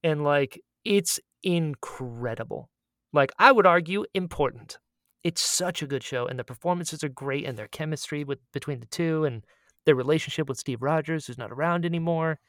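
A man's voice: on the high side, moderate pace, fairly bright tone, dry recording, studio quality. A man co-hosting a casual pop-culture podcast, talking enthusiastically and gushing over shows he loves. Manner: enthusiastic, gushing recommendations, many "like" fillers. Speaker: podcast co-host. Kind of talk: casual chat.

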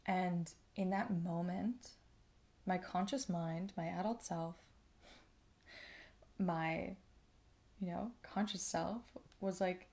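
A woman's voice: on the low side, fairly even intonation, takes it slowly, creaky, a little mellow. A woman hosting a podcast, talking through personal experiences in a reflective, conversational monologue that often checks in with the listener. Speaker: podcast host.

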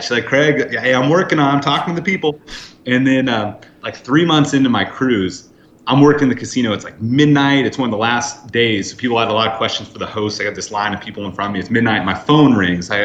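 A man in his thirties from the United States, a podcast guest telling lively anecdotes and acting out quoted lines. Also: mid-range voice, a little hiss or hum. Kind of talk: storytelling in a podcast interview. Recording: roomy, slightly dull sound.

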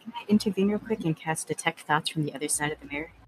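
Low, husky-voiced woman player. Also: fast, no room sound, poor audio. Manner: hesitant, restarts often. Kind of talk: casual tabletop play.

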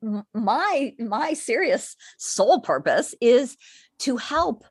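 A woman guest in a conversational interview, speaking as an animated storyteller. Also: on the high side, slightly rough, no room sound. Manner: animated storyteller, quick shifts into quoted voices. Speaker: guest, spiritual teacher.

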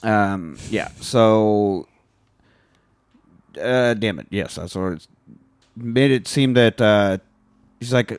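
A man's voice: on the low side, slow pace, pauses often, clear, resonant tone, dry recording. A man co-hosting a casual podcast chat, retelling a film with profane, joking asides. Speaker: podcast co-host. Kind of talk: casual movie recap chat.

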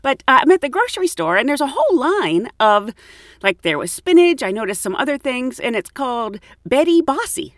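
Animated woman telling flight stories. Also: sits high, fairly quick, no room sound, studio quality. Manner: animated, acts out quoted voices with laughs. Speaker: podcast host and flight attendant. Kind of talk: casual anecdotal storytelling.

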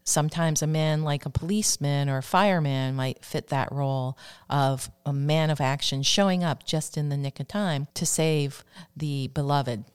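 A woman with a notably low voice hosts a gentle self-help broadcast. She speaks calmly and unhurriedly, coaching listeners and slowing down to lead them through affirmations. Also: clean tone. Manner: calm, slow, coaching tone leading affirmations. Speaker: radio show host. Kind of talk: self-help talk on love and relationships.

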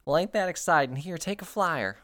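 A sassy drag queen shopkeeper drawls and says "y'all", as the game master puts her on. The voice sits at a middling pitch and stays folksy and hospitable, in a tabletop game. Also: animated, fairly quick, a bit bright, lightly acted.

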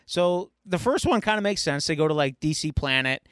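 Podcast co-host, man, high voice, swears freely, animated retelling, dry close mic. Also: fairly quick, smooth, dry recording. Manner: animated, profane storytelling. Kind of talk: casual chat.

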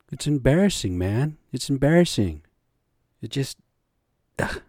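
A man's voice: on the low side, warm tone, no echo, studio quality. A man hosting his own podcast, ranting heatedly with constant swearing. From American Indian from the United States. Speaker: podcast host. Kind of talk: solo podcast rant.

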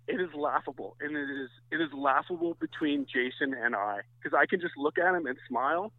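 A man from Canada, a softball pitcher, telling rambling anecdotes as a podcast guest. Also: very animated, brisk, dry recording. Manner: rambling anecdotes with many restarts. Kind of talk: casual chat, storytelling. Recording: tinny phone-like line, dry.

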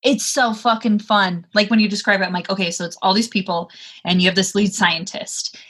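Young woman ranting about a movie, cursing a lot, bright and a bit husky. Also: medium pitch, fairly quick. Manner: profane, animated, laughs often. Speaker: podcast co-host. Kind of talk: casual chat.

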